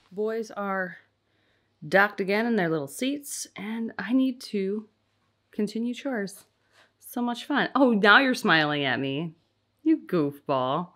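A young woman and tired mother chatting at home in a home vlog, slipping into high sing-song baby talk. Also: fairly bright tone, slight background noise. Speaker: mother of infant twins.

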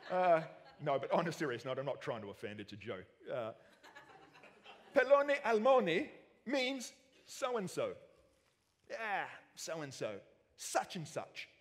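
A man with an Australian accent preaches a sermon with a fairly high voice, joking and animated, with self-mocking asides. His voice carries a long reverb through the church hall. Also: measured pace.

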